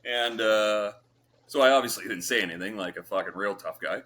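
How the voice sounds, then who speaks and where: A man's voice: lowish voice, brisk, pushed and bright. A man from Canada, a guest on a podcast, telling stories casually with lots of swearing and fillers. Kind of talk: casual storytelling.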